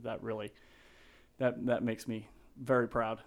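A man's voice: medium pitch, level tone, measured pace, creaky. A middle-aged man, a real estate agent, talking in an earnest, openly sentimental way on a casual podcast interview. He rambles and restarts often.

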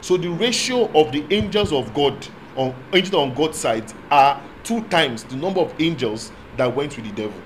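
Guy preaching, bit high voiced, asks the crowd questions, faint hum behind. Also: lively intonation, moderate pace, few pauses, poor audio. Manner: swings from quiet asides to loud proclamation, asks call-and-response questions; speaks in tongues at times. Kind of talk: sermon.

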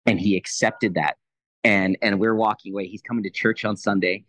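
Guy in his 30s, lowish voice, telling his faith story fast and lively, really dry close mic. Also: dry recording, poor audio. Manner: animated, quick retelling that acts out both sides of a conversation. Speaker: Christian leader, podcast guest. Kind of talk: personal testimony storytelling.

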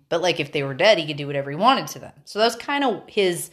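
A woman's voice: low-pitched, quick pace. Tipsy giggly woman telling a true-crime story. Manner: loose, swearing, giggly storytelling. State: a little tipsy from wine. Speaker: podcast host. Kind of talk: casual chat.

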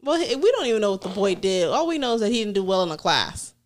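A woman co-hosting a podcast, chatting casually and arguing her point in quick back-and-forth. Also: mid-range voice, sing-song. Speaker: podcast co-host. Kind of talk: casual chat.

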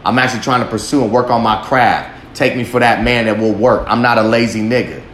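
A man's voice: mid-range voice, steady tone, a little fast, a bit bright. Guy ranting on his podcast, swearing nonstop, kinda rambling, roomy echo and a faint hum behind. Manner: blunt, profane, rambling. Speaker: podcast host. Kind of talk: profane monologue. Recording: echoey room, faint background hum.

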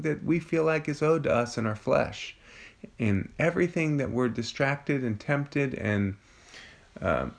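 A man's voice: mid-range voice, expressive, a little slow, creaky. A man, a father of young children, teaching an informal Bible study in a conversational way, often restarting and searching for words.

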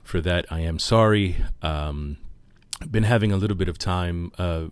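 Deep-voiced man hosting a podcast. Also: moderate pace, clear, resonant tone, no room sound. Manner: hesitant, with frequent fillers and self-corrections. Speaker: podcast host. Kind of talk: casual podcast commentary.

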